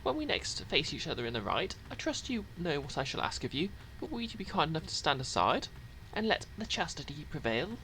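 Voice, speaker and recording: A smug, pompous, sing-song rival. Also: male voice, a little high, big pitch swings, a little fast, hardly any pauses, bright, forceful tone, slight background noise, pitched above the performer's own voice, heavily acted, low-quality recording. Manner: theatrical, sing-song and condescending. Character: pompous, smug male rival, falsely gracious.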